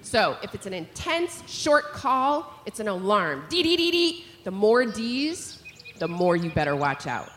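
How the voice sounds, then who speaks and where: A middle-aged woman leading a live audience through bird calls, explaining and imitating them with animated energy. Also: mid-range voice, a little slow. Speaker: bird call teacher. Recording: hall reverb, faint noise.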